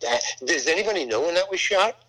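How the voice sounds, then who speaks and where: An older man, an actor, telling a rambling anecdote from a film shoot in a casual, halting way. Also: high-pitched, expressive, fairly bright tone, rough recording. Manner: rambling, halting, full of restarts.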